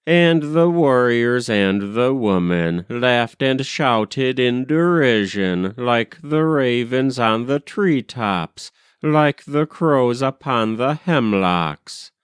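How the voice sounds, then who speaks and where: A man reading narrative poetry aloud with a rhythmic, measured verse delivery. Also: medium pitch, animated, clear, resonant tone, no room sound, studio quality.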